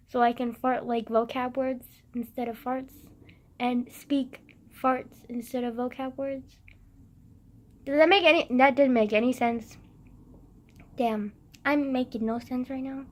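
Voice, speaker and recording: Young woman vlogger, high voice, rambling and self-mocking, close phone mic. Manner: rambling, self-mocking, swears often, fillers everywhere. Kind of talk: rambling casual monologue.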